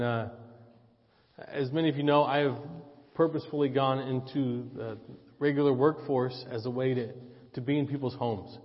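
A man preaching a sermon, telling a personal story, joking with the congregation and switching between loud emphasis and quiet asides. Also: mid-range voice. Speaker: pastor. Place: church sanctuary. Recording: dull church audio with long reverb.

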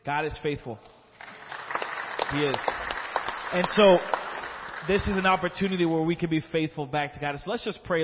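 A man with a slightly high voice speaks at a moderate pace and pauses often, with some chatter in the background. During the church offering he tells a heartfelt, emotional story and then leads a prayer, and the hall recording is dull and reverberant.

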